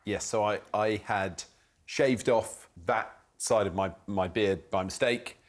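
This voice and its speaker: A man with a lowish voice explains his claim on a panel show. He is halting and matter-of-fact, restarting his sentences as he goes. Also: fairly even intonation.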